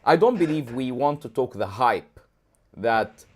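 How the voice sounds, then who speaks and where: Rambling animated male co-host. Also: medium pitch, measured pace. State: talking around a throat lozenge. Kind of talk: casual livestream talk.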